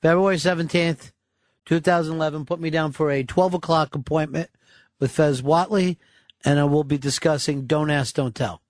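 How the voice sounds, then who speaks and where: A man's voice: on the high side, steady tone, moderate pace, no room sound. A man hosting a radio show, teasing and needling his co-host in casual studio banter.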